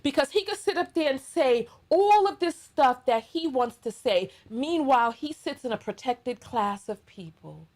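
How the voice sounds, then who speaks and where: Sassy high-voiced New York woman. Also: lively intonation, moderate pace, few pauses, darkish tone. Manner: sassy, blunt, emphatic ranting. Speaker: commentary channel host. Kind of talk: reaction commentary monologue.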